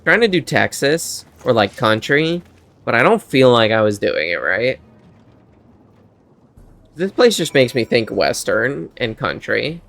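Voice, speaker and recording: A man's voice: medium pitch, sing-song, measured pace, creaky, a bit bright. A man streaming a video game, giving casual joking, offhand commentary.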